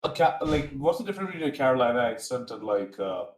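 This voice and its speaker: A man's voice: medium pitch, fast, reverberant, slight background noise. A man who has just woken up, chatting casually and swearing on a stream. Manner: groggy, swearing, lively reactions. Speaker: co-host on a stream. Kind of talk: casual chat.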